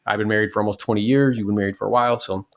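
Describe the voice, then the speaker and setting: A man's voice: lowish voice, fairly even intonation, rapid-fire. A man in his forties hosting a podcast, talking casually and animatedly about real estate, acting out the people he quotes.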